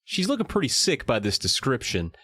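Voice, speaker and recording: A man's voice: medium pitch, wildly swooping pitch, a little fast, fairly bright tone, breathy edge, no echo. A man co-hosting a podcast, retelling the plot in casual, storytelling chat. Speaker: podcast co-host. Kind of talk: casual chat recapping a book.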